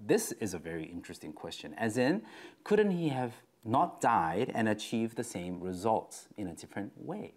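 A man's voice: on the low side, very animated, moderate pace. A man giving a casual Bible teaching in a conversational way, using lots of fillers, tag questions and shifting stress on his words. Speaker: devotional speaker.

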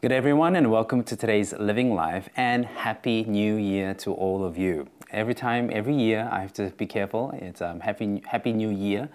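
A man's voice: fairly low pitch, a little fast, hardly any pauses, darkish tone. A man with an Australian accent giving a chatty, informal devotional talk as its host.

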